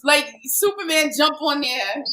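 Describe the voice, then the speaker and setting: A woman who works as a vocal coach, co-hosting a casual chat over a remote call. She teases playfully and is quick to laugh. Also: high-pitched, lively intonation, sharp tone.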